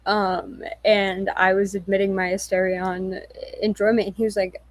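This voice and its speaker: A woman's voice: mid-range voice, level tone, normal speed, dry recording, poor audio. A young woman chatting on a livestream, a little tipsy, giggly and apologetic, swearing casually as she reads comments. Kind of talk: casual livestream chat reading viewer comments.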